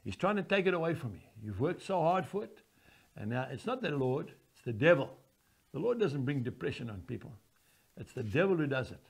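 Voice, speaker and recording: An older man preaching a sermon, forceful and emphatic, swinging from booming declarations to hushed prayer. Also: big pitch swings, a little fast, gravelly, breathy edge. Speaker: evangelist preacher.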